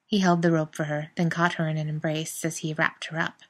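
A woman narrating a story aloud in a calm, even reading voice. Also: low-pitched, brisk. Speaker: reader.

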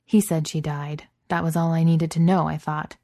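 A woman's voice: sits low, flat delivery, moderate pace, warm tone, no room sound, clean studio sound. Woman reading as a reserved, tightly controlled soldier. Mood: cold. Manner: controlled and earnest. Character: earnest, reserved soldier man, hurt and controlled.

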